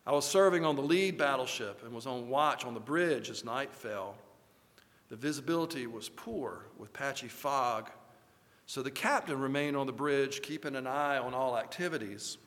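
A man's voice: mid-range voice, moderate pace, fairly bright tone, big-room sound. A man preaching a sermon as pastor, telling stories and acting out voices with rising force.

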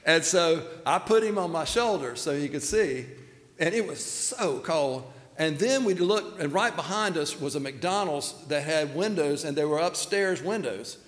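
A man's voice: fairly high pitch, animated, measured pace, big-room sound. A man preaching a sermon in a folksy, storytelling manner, acting out the quotes. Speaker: pastor.

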